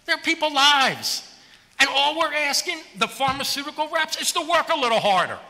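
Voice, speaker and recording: A man's voice: very high voice, lively intonation, a little fast, sharp tone, long reverb tail. A city councilman giving an impassioned, plainspoken floor speech before a vote, pressing his case with repeated rhetorical questions into a podium microphone.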